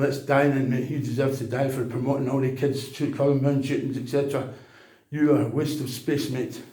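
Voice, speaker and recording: A man holds forth in a rambling, emphatic monologue that turns preachy. His voice is dark and mellow. It rings in a roomy, echoey space. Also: medium pitch. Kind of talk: casual monologue.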